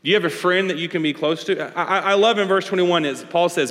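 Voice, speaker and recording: A man's voice: sits high, fast, fairly bright tone. A male pastor delivering a conversational sermon, pressing his points with repeated rhetorical questions. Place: large church hall. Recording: long church-hall reverb.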